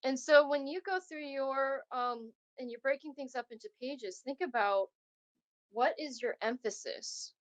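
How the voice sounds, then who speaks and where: A woman with a somewhat high voice leads a remote art lesson. She reads lines from a picture book and then asks students encouraging questions about the drawings. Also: a little slow, rough recording. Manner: encouraging, questioning students, reading text aloud. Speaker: arts teaching artist. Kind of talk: remote class demonstration, reading a picture book aloud. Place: video call lesson.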